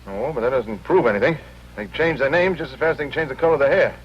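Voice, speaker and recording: An actor playing a brisk, cynical hotel clerk in an old radio drama. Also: male voice, medium pitch, expressive, a little hiss or hum, natural voice. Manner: brisk, wisecracking. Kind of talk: 1950s radio drama acting. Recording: dull lo-fi old radio recording.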